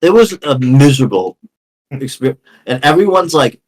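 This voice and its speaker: A young man from New England talks in loose, rambling podcast chat, swearing freely and leaning on "dude" and "like." His voice sits in an ordinary middle pitch. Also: animated, normal speed, darkish tone. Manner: rambling, swears a lot, says "dude" and "like" often. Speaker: podcast co-host. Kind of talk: casual chat.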